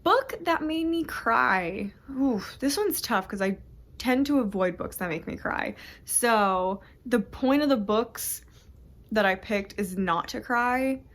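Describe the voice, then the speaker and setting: A young woman chatting casually about books at home for her vlog, rambling and interrupting herself. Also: medium pitch. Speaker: book vlogger. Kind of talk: casual chat.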